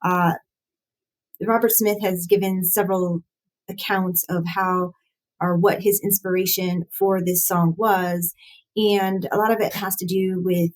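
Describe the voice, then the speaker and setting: A woman's voice: lowish voice, flat delivery, measured pace, rough recording. A woman hosting a casual live-stream, analysing song lyrics while thinking aloud, with frequent fillers, restarts and light laughs at herself.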